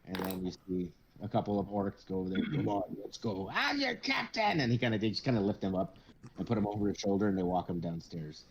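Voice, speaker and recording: A man narrating as game master of a tabletop game, casual and halting. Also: deep voice, fairly even intonation, darkish tone, dull audio, a little hiss or hum.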